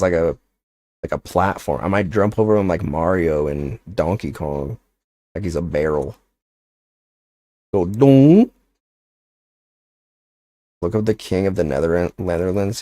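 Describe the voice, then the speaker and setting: A man's voice: sits low, a little mellow, dry recording. A young man chatting casually on a livestream, rambling and joking with lots of filler words. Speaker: streamer.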